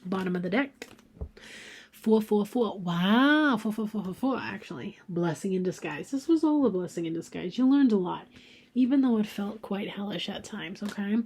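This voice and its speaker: A woman giving a casual tarot card reading, talking informally and reading card messages aloud, often slipping into a soft half-whisper. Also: mid-range voice, lively intonation, normal speed, breathy edge. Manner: reads card messages aloud, thinking out loud.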